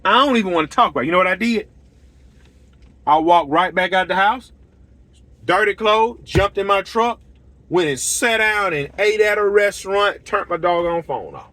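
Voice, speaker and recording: Ranting casually to camera, the middle-aged host of a channel, also a lawn care business owner, gets blunt and heated, repeating himself and voicing the conversations in his stories. His voice is high and sharp, a little slow with frequent pauses, in a dry recording.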